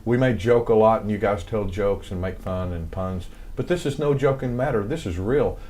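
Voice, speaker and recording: An older man with an American Southern accent, a music composer appearing as an interview guest, rambles through stories with many fillers. His lowish voice has a darkish tone at normal speed.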